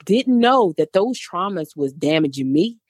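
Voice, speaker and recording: A woman's voice: on the low side, very animated, a little slow, darkish tone, no echo, clean studio sound. Earnest woman in her thirties. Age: 30s. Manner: earnest, preacherly, repeats phrases for emphasis. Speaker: life coach guest. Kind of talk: casual interview talk.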